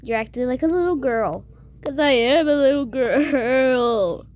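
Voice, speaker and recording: A woman's voice: sits high, unhurried, darkish tone. A female speaker acting out a home-made pretend-play scene, giggling often and playing up the panic melodramatically.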